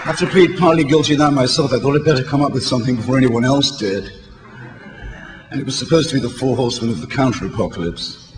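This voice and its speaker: Older British man, hoarse, failing voice, wry polemical orator, mid-pitched, heard in a reverberant hall with faint background noise. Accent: British English. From England. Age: 60s. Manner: wry, eloquent and polemical, with halting restarts. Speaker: speaker addressing a convention. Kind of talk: public speech. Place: large hall before an audience.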